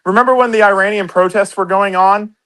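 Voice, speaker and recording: A man's voice: high voice, fairly even intonation, a little fast, a bit bright, low-quality recording. A man co-hosting a heated political debate, combative and profane, often talking over the others. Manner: combative, swears a lot, talks over others. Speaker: podcast co-host.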